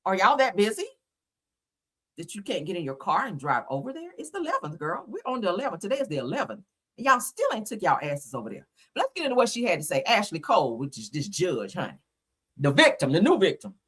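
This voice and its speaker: A woman's voice: lowish voice, wildly swooping pitch, fast talker, a bit bright, slightly rough. A woman hosting a casual commentary show who talks straight to the viewer in a sassy way, throwing in "girl" and "honey.". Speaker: commentary host.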